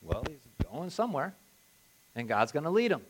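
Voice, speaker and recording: A man preaching a sermon, telling a lively story and then reading and explaining scripture aloud. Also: a little high, moderate pace, breathy edge. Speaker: pastor.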